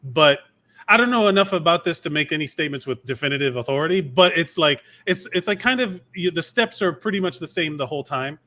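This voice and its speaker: Man, bright tone, slightly high voice, rambling casual podcast chat. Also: lively intonation, quick pace. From Miami, USA. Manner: rambling, lots of fillers and restarts. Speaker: podcast co-host.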